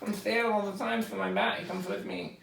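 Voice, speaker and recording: A man's voice: high voice, fairly quick, creaky, a bit bright, slight background noise, voice pushed up, heavily acted. A man voicing a fretful, whiny airplane passenger with a support pet, recorded in a roomy space from a distant mic.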